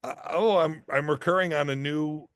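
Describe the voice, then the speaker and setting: A man's voice: fairly high pitch, moderate pace, smooth, no room sound, studio quality. Middle-aged man telling self-deprecating stories. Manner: animated, self-deprecating anecdotes with many restarts. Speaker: actor and guest. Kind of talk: casual interview storytelling.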